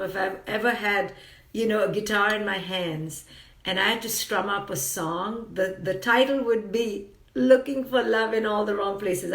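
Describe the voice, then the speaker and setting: A woman's voice: medium pitch, fairly bright tone, roomy sound, distant mic. A woman psychologist giving an earnest, emphatic motivational talk on a live stream, repeating phrases for effect.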